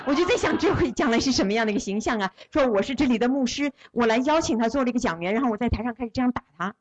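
A woman's voice: fairly high pitch, expressive, rapid-fire, lo-fi sound, soft background music. A woman interpreting a sermon phrase by phrase, following the preacher closely with small restarts.

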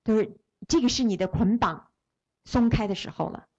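A woman's voice: medium pitch, brisk, darkish tone, lo-fi sound. Female interpreter relaying a sermon. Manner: follows the speaker phrase by phrase, with restarts.

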